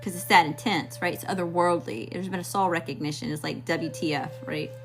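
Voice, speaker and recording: A woman's voice: fairly low pitch, steady tone, a little fast, fairly bright tone, soft background music. A woman from Mississippi with a Southern accent, giving a blunt, slangy live tarot reading straight to her viewers. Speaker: tarot reader.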